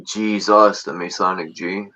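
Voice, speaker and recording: A man's voice: sits low, steady tone, measured pace, sharp tone. A man hosting a casual conversation, chiming in with short remarks and musing aloud. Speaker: host.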